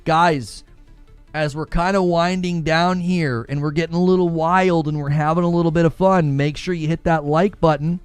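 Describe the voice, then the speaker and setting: A young man hosting a gaming livestream, chatting casually in a snarky, animated way and laughing often. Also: fairly high pitch, normal speed, clear, resonant tone, dry recording, faint music behind.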